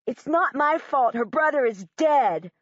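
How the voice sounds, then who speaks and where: A woman voicing a shouting schoolboy bully. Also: high-pitched, expressive, a little slow, dry recording, highs cut off, pitched above the performer's own voice. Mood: defensive shouting. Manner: shouting, defensive. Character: angry defensive schoolboy bully.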